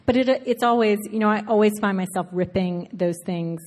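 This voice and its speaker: A woman author from Alabama with a faint Southern accent, talking through her writing in a relaxed interview, full of fillers and quick laughs. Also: mid-range voice. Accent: faint Southern American. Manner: chatty, frequent fillers and self-interruptions, laughs often. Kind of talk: conversational interview, thoughtful. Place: live event before an audience. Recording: reverberant hall.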